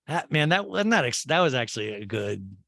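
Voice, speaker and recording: Sarcastic male podcast host for a comedy recap. Animated, lively delivery, dry close mic. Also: mid-range voice, vocal fry, no room sound. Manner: sarcastic, quick to slip into character voices.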